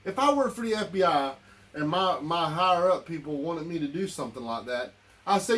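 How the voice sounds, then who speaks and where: A man's voice: on the high side, lively intonation, a little fast, a bit bright. A man delivering a heated, repetitive political rant straight to his listeners. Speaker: political commentator.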